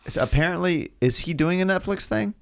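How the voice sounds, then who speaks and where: A man's voice: high voice, animated, a little fast, creaky. A male comedian in casual podcast banter, playful and teasing, rambling a little as he talks.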